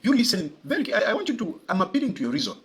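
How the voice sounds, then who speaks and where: Give me a forceful commentator, a man with a high, swinging voice who hammers his points home. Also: huge pitch swings, very fast, low-quality recording. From Zambia. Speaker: political commentator. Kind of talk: emphatic political commentary.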